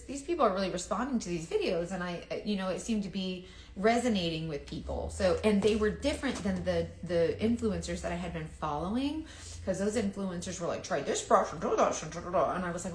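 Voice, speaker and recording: A chatty woman tells a rambling, self-deprecating story and acts out what other people said. She speaks at an ordinary middle pitch. Her voice bounces around an echoey indoor room. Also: expressive, brisk. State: sweating, overheated from layers. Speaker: makeup seller. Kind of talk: casual storytelling vlog.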